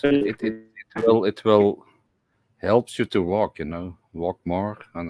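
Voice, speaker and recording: A man hosting a casual live stream from home, talking haltingly with lots of repeated words and chuckles. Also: low-pitched, steady tone, darkish tone, no room sound.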